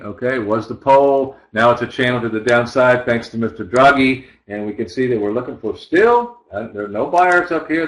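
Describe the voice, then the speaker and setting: A man's voice: medium pitch, fairly bright tone, low-quality recording. A man teaching currency trading, talking casually through his charts and often checking in with listeners. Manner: conversational, talks while working, asks listeners rhetorical checks. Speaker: trading instructor. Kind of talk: live chart walkthrough.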